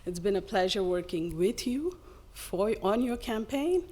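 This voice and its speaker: A woman's voice: mid-range voice, expressive, unhurried, dark tone. A woman speaking at public comment in a community hall, full of praise and often laughing.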